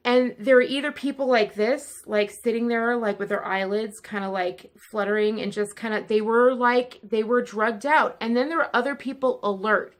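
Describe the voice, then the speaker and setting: A woman's voice: fairly high pitch, fairly even intonation. Woman vlogger, casual chat to camera, candid and chatty, in pain and fidgety. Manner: candid, chatty, speeding up and slowing down.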